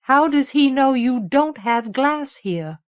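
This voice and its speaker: Insistent young heroine, loud and urgent, storybook voice from a woman reader. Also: high voice, a little slow, pitched above the performer's own voice. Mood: pressing. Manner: insistent, forceful, raised voice. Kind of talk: audiobook character reading.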